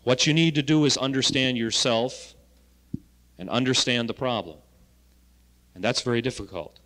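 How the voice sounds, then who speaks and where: A man's voice: medium pitch, moderate pace, a bit bright. Man, health educator, lecture to students, folksy anecdotes, rhetorical questions, reverberant hall. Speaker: health education coordinator speaking at a symposium. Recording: reverberant hall, 1970 archive recording.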